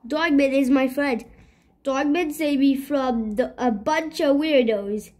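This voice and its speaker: A woman's voice: high-pitched, slow pace, a little mellow. A woman voicing a cheerful little boy kitten in a storybook read-aloud, chatty and teasing. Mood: playful.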